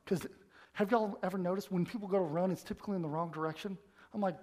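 A preacher delivers a sermon in a high-pitched voice. He talks to the congregation casually, acting out little dialogues. His delivery stays lively and animated. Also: racing. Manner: animated, conversational, acts out quotes.

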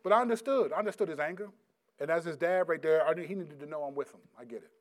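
A middle-aged male pastor preaching a sermon, reading scripture loudly and slowly, then dropping into quiet, casual stories about his sons. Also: fairly high pitch. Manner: swings from loud emphatic scripture reading to quiet storytelling.

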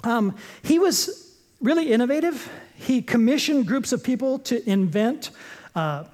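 A man's voice: very high-pitched, a little slow. A man preaching a sermon as pastor, emphatic and jokey, repeating his short points. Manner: lively, jokey storytelling preacher.

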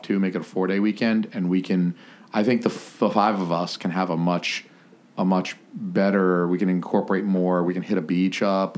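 A man hosting a casual podcast, ribbing his guests with crude teasing jokes. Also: low-pitched. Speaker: podcast host.

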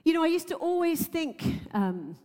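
A woman's voice: very high voice, sing-song, moderate pace, darkish tone, long reverb tail. A woman preacher giving a sermon, earnest and emotional, laughing now and then and using many fillers.

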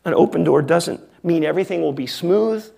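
A male pastor preaching a sermon in a wry, conversational way with emphatic pauses. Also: fairly high pitch, creaky, dark tone, slightly rough.

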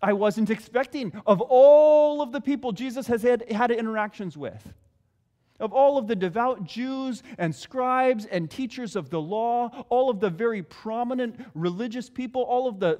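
Sex: man. Role: pastor. Style: conversational sermon, repeats key phrases. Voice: high. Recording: long hall reverb. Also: expressive, a little slow, warm tone.

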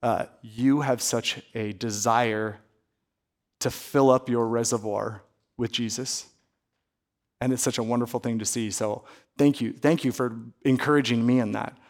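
A pastor interviewing a staff member during a service, affirming and lightly teasing. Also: male voice, medium pitch, steady tone, measured pace.

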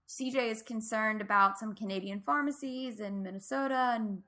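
A woman talks through a TV episode in a casual recap chat, animated and quick to laugh. Her voice sits a little high. Her tone is very bright. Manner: animated, laughs often, quotes lines in funny voices.

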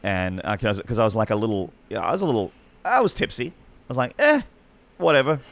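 Low, gravelly Australian man. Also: big pitch swings, quick pace. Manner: rambling, full of restarts and fillers. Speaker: esports commentator. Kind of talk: casual podcast storytelling.

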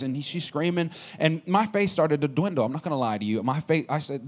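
Man preaching a lively story-driven sermon. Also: on the high side, quick pace, hardly any pauses. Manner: storytelling, animated, drops to a hush at the quiet moments. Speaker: pastor.

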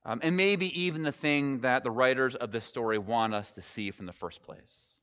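A man's voice: mid-range voice, moderate pace, fairly bright tone. A man preaching a sermon as a pastor, retelling a story conversationally with wry humorous asides. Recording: echoey hall, dull lo-fi sound.

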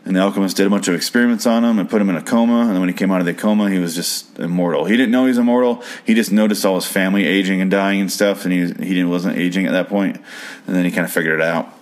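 A man's voice: sits low, steady tone, rapid-fire. A man casually recapping a show's episode, profane and incredulous, prone to rambling rants.

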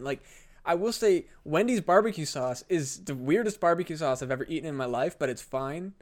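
A man co-hosting a comedy podcast in relaxed, casual chat, with a voice a bit higher than most men's. He hedges his points, swears casually, and pokes fun at himself. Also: brisk. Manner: hedging, profane, self-deprecating. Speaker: podcast co-host.

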